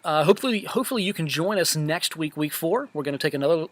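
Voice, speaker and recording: A camp director recapping a Bible study class in a relaxed, earnest way, with many fillers and restarts. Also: male voice, fairly high pitch, fast.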